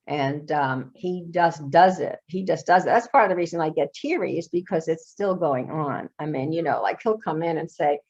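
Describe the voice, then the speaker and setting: An older woman being interviewed on a podcast, talking in an animated, emphatic way and laughing often. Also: low-pitched, moderate pace, hardly any pauses, husky. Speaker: therapist guest. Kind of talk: interview conversation. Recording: dull lo-fi sound.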